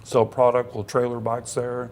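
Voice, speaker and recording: A man's voice: mid-range voice, monotone, normal speed, darkish tone. A man talking as a podcast guest about his business, easygoing and agreeable. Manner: easygoing, agreeable, frequent "yeah". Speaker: guest, motorcycle parts business owner. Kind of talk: casual interview chat.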